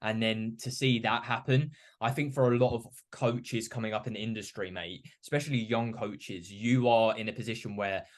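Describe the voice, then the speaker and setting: A man's voice: lowish voice, fairly even intonation, normal speed, hardly any pauses. A young man hosting a podcast, talking reflectively in a rambling way full of "you know" and "like". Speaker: podcast host. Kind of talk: casual podcast chat.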